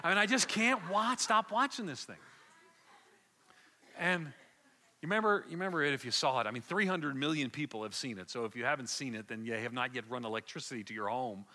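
A man preaching a sermon, telling a story with passion and swinging from hushed to loud, often repeating words as he builds. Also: mid-range voice, a little fast.

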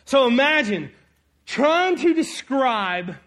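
A man with a strikingly high voice preaches to a congregation. He reads scripture aloud and alternates loud, emphatic bursts with soft, conversational asides. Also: slow pace. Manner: energetic, swings from loud emphasis to quiet asides. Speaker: pastor. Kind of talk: sermon with scripture reading.

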